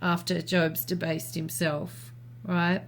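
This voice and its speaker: A woman co-hosting a talk show, reasoning aloud in a thoughtful, measured way with small restarts. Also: fairly low pitch, little pitch movement. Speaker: podcast co-host. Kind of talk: reflective conversational commentary.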